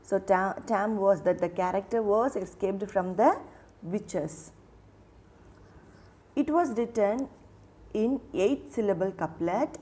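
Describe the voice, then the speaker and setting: A woman gives a literature lesson at an unhurried pace. Her voice is warm and mellow, with an even middle pitch. She poses questions to the listener and answers them herself, often restarting and repeating herself. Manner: slow, repeats names and restarts phrases while explaining. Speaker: teacher.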